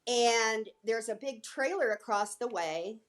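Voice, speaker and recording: A woman's voice: fairly high pitch, lively intonation, unhurried. A middle-aged woman who is an actress and a guest, telling stories in casual chat and acting out the voices of the people she quotes.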